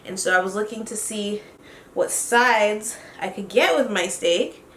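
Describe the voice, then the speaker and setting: Chatty animated woman in an echoey room. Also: mid-range voice, a little hiss or hum. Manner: animated, chatty, quick laughs. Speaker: beauty vlogger. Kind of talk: casual storytelling while doing makeup.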